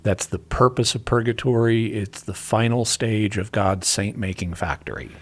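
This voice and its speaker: On a call-in radio show, a man with a voice on the low side answers callers' questions, explaining things in a measured way and occasionally restarting his sentences.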